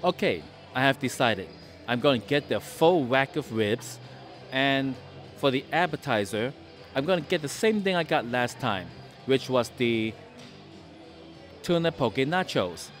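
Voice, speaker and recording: A man's voice: medium pitch, expressive, measured pace, soft background music. A man hosting a casual food vlog in a sports bar restaurant, chatting and rambling through anecdotes. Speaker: food and travel vlogger.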